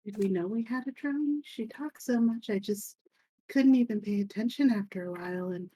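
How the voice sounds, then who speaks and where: Husky, wry woman player. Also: medium pitch, moderate pace, dark tone, rough recording. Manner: wry, teasing. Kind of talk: casual tabletop play.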